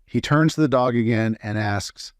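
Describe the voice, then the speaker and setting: Guy reading jokes out loud, mid pitch, kinda loose with little slips, dry close sound. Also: normal speed, clear, resonant tone, no echo. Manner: casual storytelling with small slips and fillers. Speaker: joke reader.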